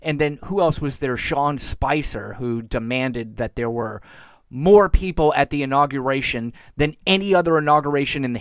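A man's voice: a little high, no echo, studio quality. A man hosting his own show, giving exasperated, sarcastic commentary and mocking the people he talks about. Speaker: podcast host. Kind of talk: opinionated solo commentary.

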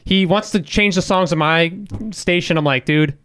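A man's voice: fairly high pitch, moderate pace, a bit bright, clear, resonant tone. A young man on a casual podcast, telling a story with swearing and acting out the quotes. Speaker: guest storyteller.

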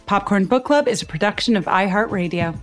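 A woman hosting a podcast, chatting casually and then briskly reading the credits. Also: medium pitch, animated, faint music behind. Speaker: podcast host. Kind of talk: casual chat and outro reading.

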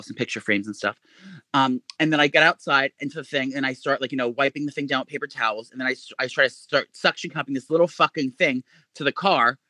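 A man co-hosting a podcast in casual chat, an animated storyteller who swears a lot and acts out quotes in a high voice. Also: no echo. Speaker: podcast co-host.

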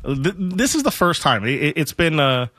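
Male radio co-host with a bright, forceful tone, analytical, dry studio sound. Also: fairly high pitch, big pitch swings, normal speed, no room sound. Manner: thoughtful, trailing restarts. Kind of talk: post-game analysis chat.

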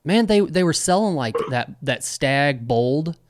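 Expressive and a little high-pitched, another young co-host takes his time as he rambles through casual podcast talk, full of fillers and restarts. It's a studio-quality recording with no room sound.

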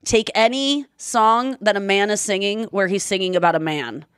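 A woman co-hosting a podcast in casual chat, telling stories with lively acted-out quotes. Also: medium pitch, moderate pace, clear, resonant tone, dry recording, clean studio sound. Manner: animated storytelling, acts out quotes. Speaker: podcast co-host.

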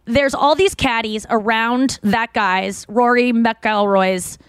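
A woman's voice: a little high, steady tone, takes it slowly, smooth, no echo. A woman hosting a podcast, chatting casually and rambling with lots of fillers and restarts. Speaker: podcast host. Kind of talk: casual chat.

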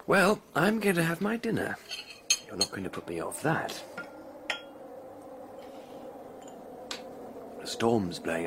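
A man's voice: mid-range voice, noisy background. An actor playing a nervous young male scholar alone at night, talking to himself and easily spooked. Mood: wry.

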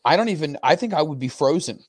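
A man's voice: a little high, expressive, fast. A man hosting a casual chat, making wry, crude asides. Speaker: host.

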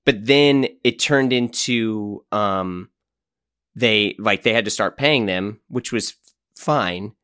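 A man's voice: fairly low pitch, slow, a bit bright, clean tone, no room sound, studio quality. A man in casual conversation, reflecting on past work in a loose, rambling way with many fillers. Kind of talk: casual chat.

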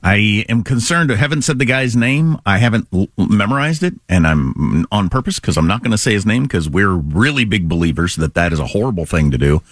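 A man's voice: lowish voice, animated, fairly quick, hardly any pauses, no room sound, studio quality. A middle-aged man hosting a talk radio show, rambling through stories in a casual, conversational way.

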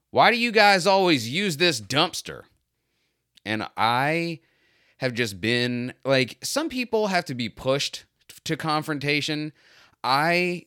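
A man's voice: medium pitch, smooth, no room sound. Dry, close-sounding man telling a story. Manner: animated, self-mocking, acts out quoted lines. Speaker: pool cleaner. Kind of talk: casual personal storytelling.

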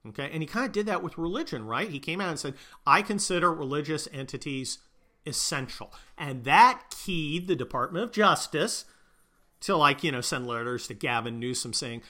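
Blunt, animated man with a bright voice. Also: a little high, moderate pace. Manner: blunt, crude, joking asides; animated, swings from loud to muttered. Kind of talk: opinionated casual commentary.

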